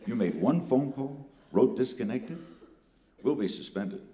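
A man's voice: medium pitch, a little slow, a little hiss or hum, lightly acted. A man doing a cocky teen schemer. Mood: coolly persuasive. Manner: calm, persuasive bargaining. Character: brash teenage boy, cocky schemer.

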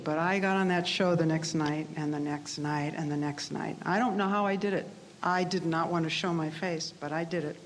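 A woman's voice: low-pitched, fairly even intonation, normal speed, big-room sound, a little hiss or hum. A middle-aged woman giving a personal speech to graduates, telling her story in a candid, self-deprecating way. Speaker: speaker addressing graduates.

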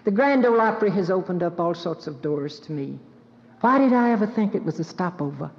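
Animated and fairly quick, a fairly low-voiced Southern woman in her 70s, there as a guest speaker, tells folksy tales poking fun at herself before a live auditorium audience and answers questions, recorded lo-fi in a reverberant hall.

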